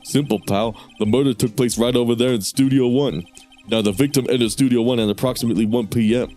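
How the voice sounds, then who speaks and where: A plain-spoken police detective from a mystery game, laying out a case matter-of-factly, as a man reads him aloud in his own mid-pitched voice. Faint music hums in the background. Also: steady tone, fast talker, dark tone, close to an everyday voice. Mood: explaining. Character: gruff, simple-minded male police detective.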